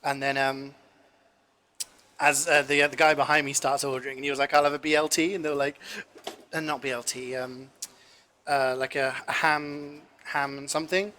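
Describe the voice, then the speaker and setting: A man's voice: a little high, little pitch movement, moderate pace, bright, forceful tone. A young man telling a rambling story while cooking on a stream, full of fillers. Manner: rambling, filler-heavy, swears casually.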